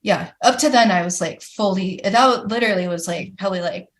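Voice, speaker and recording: A woman's voice: medium pitch, fairly quick. A woman guest on a podcast, telling her story candidly and animatedly, with many "like" fillers. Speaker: guest, professional climber. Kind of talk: casual podcast interview.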